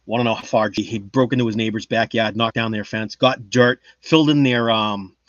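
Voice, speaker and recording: A man's voice: on the low side, steady tone, moderate pace, no echo, lo-fi sound. A man chatting casually on a livestream, reading the chat and rambling in a boastful, joking way. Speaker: livestream host.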